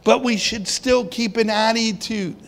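A man's voice: sits high, steady tone, unhurried, vocal fry, a bit bright. A man preaching a sermon in a conversational way, asking his congregation questions and acting out the people in the story. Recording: long hall reverb.

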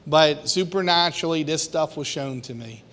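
A man's voice: a little high, normal speed, fairly bright tone. A man preaching an informal sermon to a small group, conversational and laughing, acting out quoted voices. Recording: long hall reverb.

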